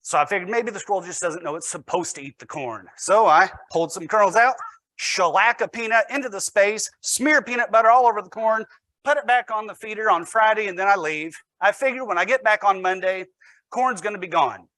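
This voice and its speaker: A man's voice: sits high, fairly quick, bright, forceful tone, dry recording. A man, a teacher, giving a storytelling presentation with wry, self-deprecating humor.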